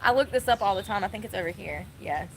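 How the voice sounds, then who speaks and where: A woman's voice: mid-range voice, lively intonation, fast, slight background noise. A woman giving blunt, sassy casual commentary, laughing often.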